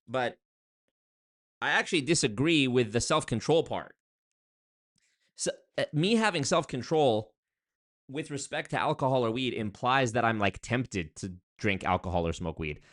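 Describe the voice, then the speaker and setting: A man's voice: medium pitch, animated, moderate pace, fairly bright tone, no echo, studio quality. A young man chatting casually on a livestream, reading viewer comments aloud and rambling with many fillers and restarts. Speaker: streamer reading chat.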